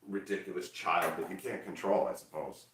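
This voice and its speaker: Loud energetic guy rambling on stream, echoey room, sitting back from the mic. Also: deep voice, moderate pace, distant mic, a little hiss or hum. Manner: loud, energetic, animated, mocks chat. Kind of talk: casual livestream chat.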